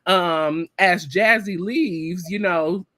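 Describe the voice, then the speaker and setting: A woman co-hosting a casual TV recap chat, retelling scenes in a chatty, animated way with lots of filler words. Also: lowish voice, slow pace, dry recording. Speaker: podcast co-host.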